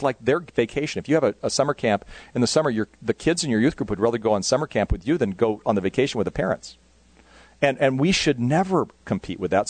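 A middle-aged man giving a conversational talk on youth ministry, full of anecdotes, quick asides and self-corrections. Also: medium pitch, darkish tone, no room sound.

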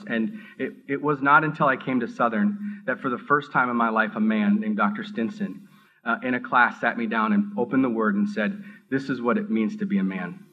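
A middle-aged man from the Minneapolis area telling his personal faith testimony, earnest and halting, often restarting his sentences as his excitement builds. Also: mid-range voice, dull audio. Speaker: seminary student giving testimony.

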